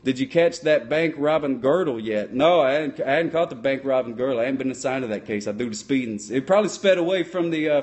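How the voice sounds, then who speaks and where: A man playing a dim, cheerful sock puppet cop, rambling in a folksy, deadpan way and mangling his words in improvised puppet comedy. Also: mid-range voice. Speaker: sock puppet comedian answering live chat.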